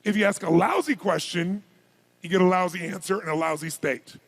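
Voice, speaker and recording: A man giving a live seminar address as a motivational speaker, firing rapid questions and commands at the audience. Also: high voice. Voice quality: gravelly, husky voice.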